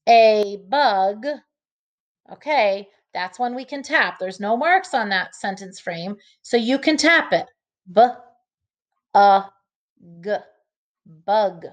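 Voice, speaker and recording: A woman teacher giving an early reading lesson to children, slowly sounding out each letter and word. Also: fairly high pitch, animated.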